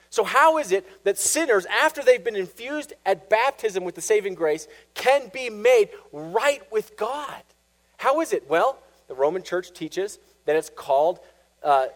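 A man preaching a sermon, animated, acting out quoted voices as he teaches. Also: high voice, low-quality recording.

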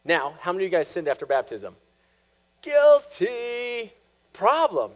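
Animated high-voiced man preaching. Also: racing, poor audio. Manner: animated, acts out quotes. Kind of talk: sermon.

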